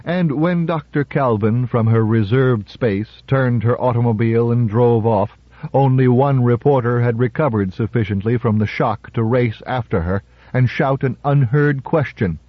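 Measured male audiobook narrator. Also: medium pitch, no room sound. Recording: slightly muffled audiobook recording.

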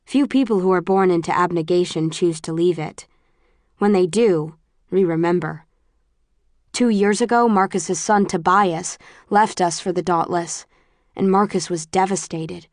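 Woman narrator doing a cold, principled father, low and firm, dry sound. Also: a little slow, darkish tone, dry recording, lightly acted. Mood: stern. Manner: firm, clipped and disapproving. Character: stern, principled middle-aged father, cold.

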